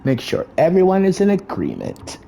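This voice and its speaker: A man's voice: sits high, wildly swooping pitch, moderate pace, gravelly, mellow, pitched above the performer's own voice, heavily acted. A man voicing a commanding female vampire prince in a game, formal and imperious. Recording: faint music behind.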